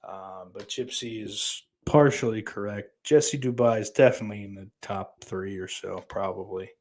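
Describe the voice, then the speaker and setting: A man's voice: lowish voice, moderate pace, a little mellow. Rambling, profane male podcast host. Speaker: podcast host reading live chat. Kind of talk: casual livestream chat.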